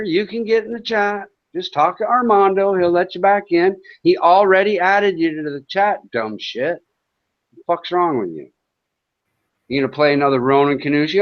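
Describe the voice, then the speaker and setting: In dull, lo-fi stream audio, a man with a high voice at normal speed hosts a livestream from home in Thailand, going after chat trolls with a profane, sarcastic, taunting rant.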